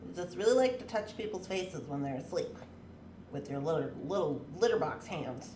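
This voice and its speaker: A woman's voice: sits low, lively intonation, normal speed, background noise. A woman hosting a casual morning livestream from her home workroom, chatting and greeting viewers by name and playfully teasing her cats. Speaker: livestream host.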